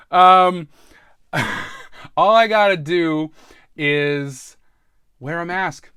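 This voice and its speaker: A man's voice: high voice, drawn-out words, pauses often, sharp tone, clean tone, no room sound. Rambling, self-mocking man, dry close sound. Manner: self-deprecating, laughs often, trails off and restarts. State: stressed. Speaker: podcast host. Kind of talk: casual rambling monologue.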